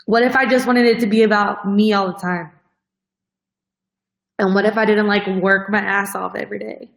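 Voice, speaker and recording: A woman host talks straight to her followers in a casual, heartfelt way. She is earnest and emotional, close to tears at moments, and her speech is full of fillers. Her pitch is in the middle range for a woman. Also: steady tone, moderate pace, vocal fry, poor audio. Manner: earnest, heavy use of "like" as filler. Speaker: host of a fitness coaching show.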